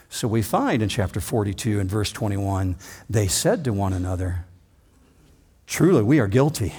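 A man preaching an expository sermon, reading scripture dramatically and slowing down to stress key phrases. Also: lowish voice, a little mellow, slightly rough.

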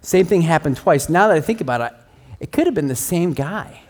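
A man's voice: on the high side, expressive, brisk, darkish tone. A middle-aged man preaching a sermon, telling stories about himself in a conversational, self-deprecating way. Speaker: pastor.

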